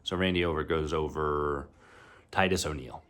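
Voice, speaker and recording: Casual male vlogger with a low voice, rambling and excitable chatter. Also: normal speed. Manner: rambling, excitable, laughs easily. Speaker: wrestling vlogger. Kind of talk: casual chat.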